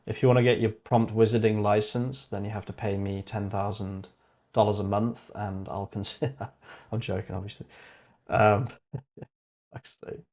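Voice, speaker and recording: A man chatting casually on his own livestream, cracking jokes and laughing at them himself. His voice sits slightly low and the talk is loose and unscripted. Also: level tone, normal speed, darkish tone. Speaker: channel host.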